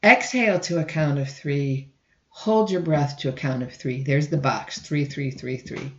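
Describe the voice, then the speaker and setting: A woman instructor giving a recorded lecture, often clearing her throat and restarting sentences. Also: low-pitched, unhurried, roomy sound, muffled recording, slight background noise. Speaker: college instructor.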